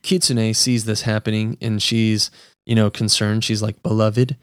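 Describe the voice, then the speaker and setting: A man's voice: on the low side, level tone, moderate pace, fairly bright tone, clean tone, dry recording, clean studio sound. A man hosting a podcast, chatting enthusiastically about a comic book issue with a guest. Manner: enthusiastic, chatty, lots of "like" and "dude". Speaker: podcast host. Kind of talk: casual comic book review chat.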